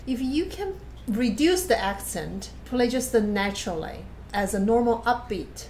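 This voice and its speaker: A woman with a somewhat high, animated voice gives patient, unhurried masterclass feedback on a recorded performance as a piano teacher. She explains things plainly and counts or hums passages aloud, with piano playing in the background.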